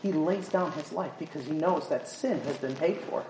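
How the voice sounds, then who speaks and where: Woman preacher, lowish voice, animated sermon delivery, roomy church sound. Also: normal speed, noisy background. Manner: animated, acts out crowd chatter and scripture. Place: church sanctuary. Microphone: handheld or stand mic. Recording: echoey church room.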